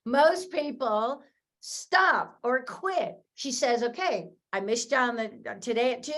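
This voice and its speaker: Woman, fairly high voice, energetic coaching, speaks straight to the audience. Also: normal speed. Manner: upbeat, encouraging, speaks to the audience directly. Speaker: host of a sales training call.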